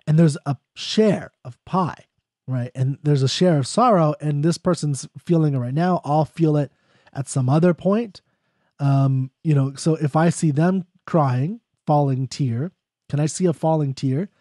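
A man giving a casual spoken lecture on a poem, thinking aloud in a conversational way and reading verse lines slowly. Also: on the high side, mellow, no room sound, studio quality. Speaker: poetry explainer.

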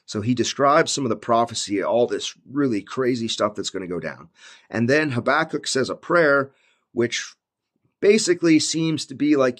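A man talking through a book of the Bible in a casual, laid-back way, full of "like" and "basically". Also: medium pitch. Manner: slows down when reading old scripture aloud. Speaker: Bible commentator. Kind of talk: casual Bible study talk.

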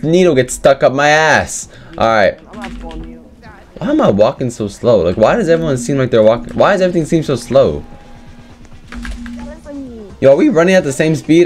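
High, animated young man shouting over gameplay. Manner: loud, excitable, often shouting and laughing; crude, joking banter. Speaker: gaming video creator. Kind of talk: live gameplay commentary.

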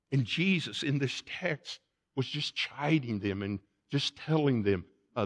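A man's voice: mid-range voice, fairly bright tone, husky. A man pastor delivering a sermon in a church, emphatic and repeating phrases for stress. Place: church sanctuary.

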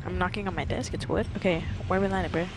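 A young woman streaming a shooter game at her desk, teasing her friend and swearing with loud outbursts. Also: on the low side, fairly even intonation, fast, over music. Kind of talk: casual gaming chat. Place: home room at a wooden desk. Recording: loud game gunfire behind the voice.

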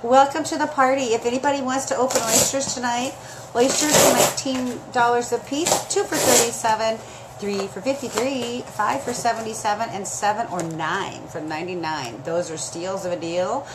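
A woman's voice: a little high, moderate pace. Gushing woman with a scratchy throat. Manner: gushing, emotional, talks straight to viewers. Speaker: live sale host. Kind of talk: chatty live stream.

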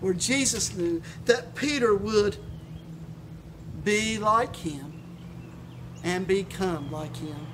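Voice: medium pitch, slow, long pauses, a bit bright, a little hiss or hum. A pastor preaching a sermon on video for a church live stream, impassioned and emphatic, often stumbling over repeated words. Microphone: live stream recording.

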